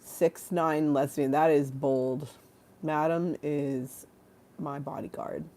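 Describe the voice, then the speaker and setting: Low-voiced, tired, rambling woman host. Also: fairly even intonation, takes it slowly, mellow. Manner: rambling, self-mocking, laughs often, reads chat aloud. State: tired, yawning. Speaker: livestream talk show host. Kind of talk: casual livestream chat.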